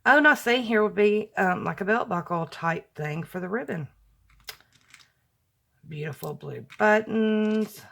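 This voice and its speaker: A woman, a crafting vlogger opening happy mail and gushing softly over each item. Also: medium pitch, creaky. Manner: gushing, slow and soft-spoken. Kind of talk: casual unboxing chat.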